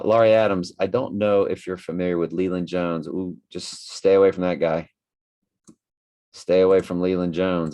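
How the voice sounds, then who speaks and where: A man's voice: low-pitched, darkish tone. A tired man hosting a casual livestream, reading out viewer comments in a rambling, musing way with many fillers.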